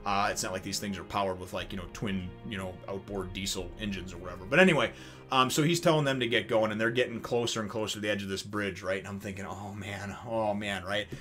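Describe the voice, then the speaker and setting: A man's voice: lowish voice, fast talker. Guy rambling thru a manga review, cussing a lot, tons of you-knows, faint music under it. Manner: rambling, swears, many fillers; grows loud and excited when retelling action.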